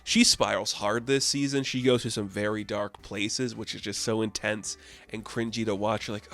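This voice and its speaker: A man's voice: fairly low pitch, fairly even intonation, normal speed, a bit bright, soft background music. A man giving a casual spoken review of a TV season, chatty and earnest with lots of fillers.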